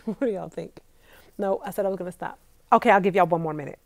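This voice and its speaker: A woman's voice: on the low side, fast, vocal fry, no room sound. Chatty woman vlogger reading live comments. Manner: chatty, laughs often, talks straight to viewers. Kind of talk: casual live-stream chat.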